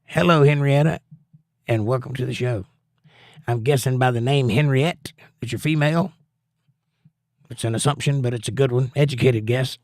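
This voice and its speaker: A man's voice: medium pitch, normal speed, long pauses, a little mellow, no room sound, clean studio sound. A middle-aged man hosting a casual livestream, reading viewer comments aloud in an easygoing, folksy way. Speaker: livestream host.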